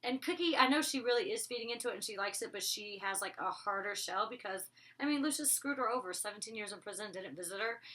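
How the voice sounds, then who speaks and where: A woman's voice: medium pitch, lively intonation, fast, hardly any pauses, sharp tone. A woman reviewing a TV episode in a casual vlog, rambling and chatty with many asides. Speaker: TV show reviewer.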